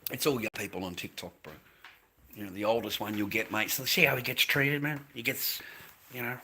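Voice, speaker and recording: Middle-aged Australian man, foul-mouthed livestream rant, bright and forceful tone. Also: mid-range voice, brisk, slight background noise. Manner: profane, blunt, talks to his chat.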